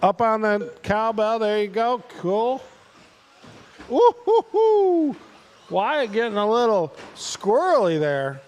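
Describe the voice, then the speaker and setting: A man calls a live radio-control car race in a high voice. He talks at an easy, unhurried pace, chatting casually with the drivers and calling out their positions. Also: lively intonation, clean tone, in a large hall. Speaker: race announcer.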